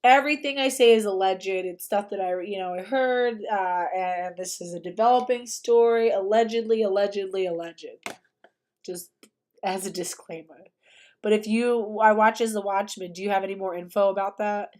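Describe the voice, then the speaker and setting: A woman's voice: medium pitch, normal speed, a little mellow. A young woman hosting a livestream, talking casually and emphatically and often repeating herself. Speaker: livestream host.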